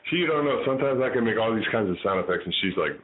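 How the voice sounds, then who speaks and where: A man filming his pet bird at home, cooing and baby-talking to her in a singsong voice that swoops up high on repeated phrases. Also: animated, very fast. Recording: tinny phone-like sound with mains hum.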